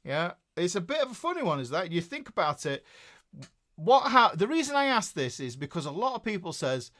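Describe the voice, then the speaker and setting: A man's voice: sits high, sing-song, fairly quick, fairly bright tone. A middle-aged man with a Northern English accent teaching guitar on a live stream, chatty, often correcting himself and checking in with his viewers.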